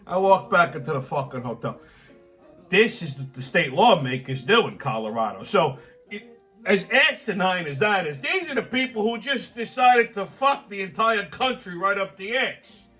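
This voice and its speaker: A man's voice: sits high, sing-song, normal speed, bright, forceful tone, faint music behind. A man hosting his own political commentary show, ranting angrily and emphatically with constant swearing. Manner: angry, emphatic, repeats himself, swears constantly. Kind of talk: profane ranting monologue.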